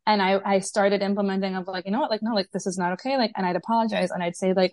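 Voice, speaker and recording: A woman's voice: mid-range voice, fairly even intonation, racing, few pauses, a little mellow, no echo. A woman speaking as a podcast guest, candid and chatty, filling her sentences with "like". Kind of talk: conversational interview.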